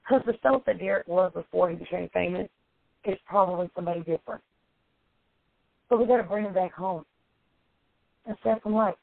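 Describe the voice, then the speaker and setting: Woman life coach, emphatic and preachy, gravelly fry in the voice, dry phone-like recording. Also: fairly low pitch, a little fast, long pauses, no room sound. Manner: emphatic, preachy, repeats points for effect. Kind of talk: motivational self-help monologue. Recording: tinny phone-like dry sound.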